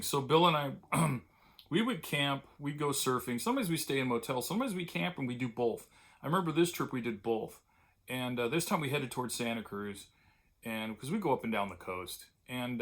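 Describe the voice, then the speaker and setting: An older man from California, talking straight to his own camera in a loose, digressive way, full of fillers and restarts. His voice sits at an everyday middle pitch, and he turns wistful and tender when he recalls friends he has lost. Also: fairly bright tone. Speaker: vlogger. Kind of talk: casual reminiscing monologue.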